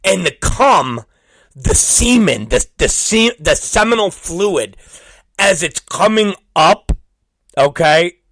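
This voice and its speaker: A man in his forties hosts his show with a crude, repetitive monologue, now and then breaking into loud shouted exclamations. His voice is bright and on the high side, lively in pitch but unhurried. The sound is dry and close, with no room around it. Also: no room sound. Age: 40s. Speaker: podcast host.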